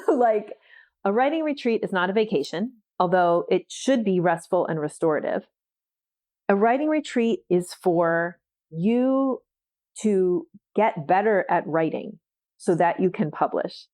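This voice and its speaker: A woman's voice: mid-range voice, darkish tone. A woman hosting a solo podcast as a writing coach, talking casually with frequent laughs and filler words. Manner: chatty, laughs often, fillers like "like" and "you know".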